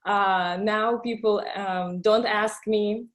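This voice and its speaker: A woman's voice: medium pitch, steady tone. Russian-accented woman hosting, hesitant. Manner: hesitant, with frequent fillers and quick laughs. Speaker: host. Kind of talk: casual interview chat.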